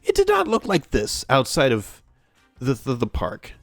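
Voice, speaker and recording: A streamer from Texas chats through a game in a playful, giggly way, sounding out foreign words. The voice leaps all over the pitch range yet moves at a slow, easy pace. It sounds dry and close, with faint music underneath. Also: huge pitch swings, a bit bright, dry recording. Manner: playful and giggly, sounding out German ride names. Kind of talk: casual game-streaming commentary.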